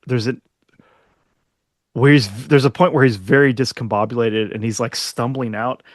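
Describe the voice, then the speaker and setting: A man's voice: medium pitch, fairly even intonation, normal speed, dry recording, clean studio sound. A man co-hosting a podcast in casual chat, often laughing as he talks. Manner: giggly, laughs often while talking. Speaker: podcast co-host.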